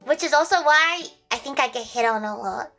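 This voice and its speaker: Lively, bright-voiced young woman streamer. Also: high-pitched, a little fast, soft background music. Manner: crude, joking, rambling with repeated restarts. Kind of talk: casual livestream chat.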